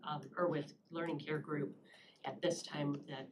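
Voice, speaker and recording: A low-pitched woman answers a board's questions in a measured, explanatory way, pausing now and then on fillers. She is recorded in a public meeting room with steady background noise. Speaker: county staff presenter.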